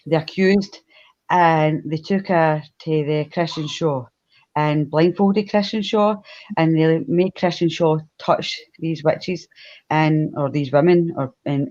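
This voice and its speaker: Co-hosting a livestream, a Scottish woman with a Glasgow accent greets viewers and laughs a lot while chatting through a history tale. She has a low-pitched, darkish voice, captured with lo-fi sound.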